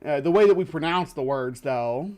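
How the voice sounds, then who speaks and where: Rambling host with a fairly high voice. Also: male voice, expressive, moderate pace, a little mellow. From lower Midwest of the US. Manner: rambling, many fillers and restarts. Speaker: livestream host. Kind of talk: casual livestream commentary.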